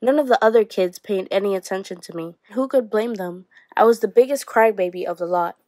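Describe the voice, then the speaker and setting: Brief: woman, teacher, steady read-aloud of a novel, dry recording. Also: medium pitch, brisk, no room sound.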